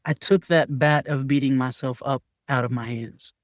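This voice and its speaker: A male podcast guest shares candidly in a mid-range voice with fairly even intonation and a moderate pace. The sound is clean studio audio without room noise. He's earnest and emphatic, sometimes reenacting his past remarks in a raised voice.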